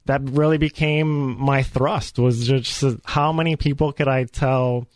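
A man giving an earnest, animated personal faith testimony as a guest on a radio show. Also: mid-range voice, measured pace, dry recording. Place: radio studio.

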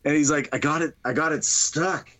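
Podcast guy retelling a comedy scene, laughing a lot, doing the voices, kinda high. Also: normal speed. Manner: animated, laughs often, acts out lines in voices. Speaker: podcast co-host. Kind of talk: casual chat, retelling a movie scene.

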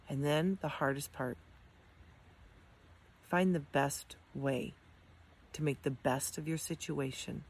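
A woman's voice: low voice, takes it slowly, long pauses, darkish tone, husky. Earnest encouraging middle-aged woman. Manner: earnest, encouraging, with frequent ums and restarts. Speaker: amputee sharing her experience. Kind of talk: heartfelt motivational talk to camera.

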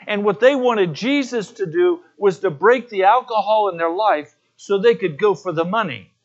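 A man's voice: high voice, moderate pace, highs cut off. A man preaching a sermon as pastor, telling personal stories in an earnest way.

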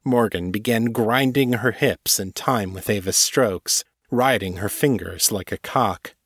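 A man with a lowish voice reads fiction aloud at a steady, measured pace, in the manner of an audiobook. The sound is dry and close to the mic. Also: slightly rough, no room sound. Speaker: narrator and author. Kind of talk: audiobook-style fiction reading.

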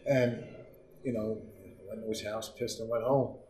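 A middle-aged man telling stories in casual talk, profane and animated. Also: lowish voice, a little slow, roomy sound, distant mic, slight background noise, rough recording. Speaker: comedian guest. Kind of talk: casual storytelling.

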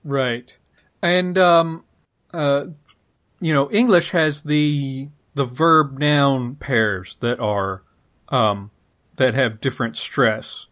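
Slow, hesitant man talking linguistics. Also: mid-range voice, a bit bright. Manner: hesitant, many fillers and restarts. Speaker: podcast co-host. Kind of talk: casual linguistics discussion.

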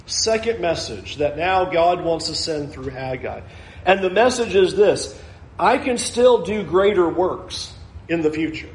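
A man with a notably high voice gives an earnest, reflective sermon, walking his listeners through scripture and pausing to let points sink in. His words ring out in a roomy, echoing space. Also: animated, a little hiss or hum. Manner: earnest, reflective preaching with light chuckles. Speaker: preacher. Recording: echoey room.

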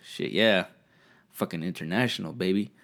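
A man's voice: deep voice, normal speed, gravelly, fairly bright tone. A man voicing a brash, swaggering young East L.A. guy who talks in cussing slang, with an East Los Angeles Chicano accent. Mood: boastful. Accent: East Los Angeles Chicano English.

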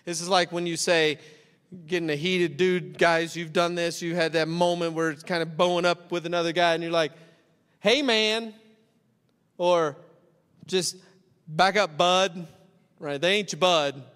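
A man preaching a sermon, acting out both sides of a parable in animated storytelling. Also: a little high, normal speed, clean tone. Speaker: pastor. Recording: long hall reverb.

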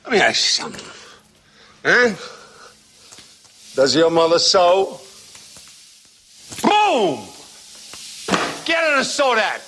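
A man's voice: high voice, wildly swooping pitch, takes it slowly, long pauses, fairly bright tone, a little hiss or hum, full character voice. An actor playing a tough guy who picks a fight and makes threats. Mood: menacing. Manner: threatening, taunting.

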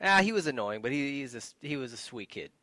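A man's voice: medium pitch, big pitch swings, fast, sharp tone, dry recording. A middle-aged man co-hosting a casual chat show, telling stories and laughing often. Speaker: podcast co-host.

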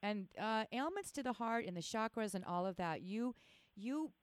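A woman's voice: a little high, animated, moderate pace. A woman hosting a talk radio show, chatty and enthusiastic as she interviews a guest. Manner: chatty, enthusiastic, self-teasing.

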